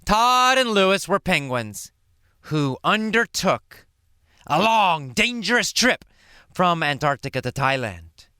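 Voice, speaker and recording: A man teaching English by telling a story slowly, asking questions and answering them himself. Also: sits high, very animated, sharp tone, clean tone, dry recording, clean studio sound. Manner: repeats and answers his own questions, dramatic swings to near whisper.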